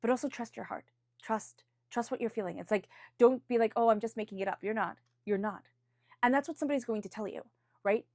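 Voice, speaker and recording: A woman's voice: a little high, fairly quick, darkish tone, no room sound, clean studio sound. A woman reading tarot cards for a weekly forecast, speaking off the cuff in an earnest, encouraging way. She often restarts her phrases and now and then calls on angels and spirit guides. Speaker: tarot reader.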